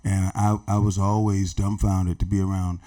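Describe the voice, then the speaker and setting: A middle-aged man, a podcast guest, telling stories in a casual, animated and slangy way, often saying "man" and "bro". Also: low voice, normal speed. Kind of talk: casual storytelling.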